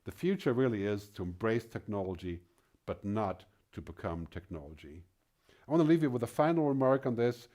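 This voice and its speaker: A man's voice: on the low side, expressive, a little fast, warm tone. A middle-aged man giving a conference keynote, emphatic and fond of rhetorical questions. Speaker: keynote speaker.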